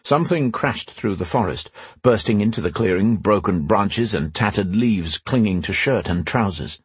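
A man reading a fantasy audiobook, telling the story in a measured, expressive way. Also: on the low side, breathy edge, no room sound. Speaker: narrator. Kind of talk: scripted fantasy audiobook narration.

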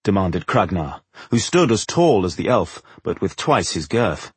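Male fantasy narrator: husky, low, very animated delivery, recorded dry. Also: unhurried, dry recording. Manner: expressive storytelling. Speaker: audiobook narrator.

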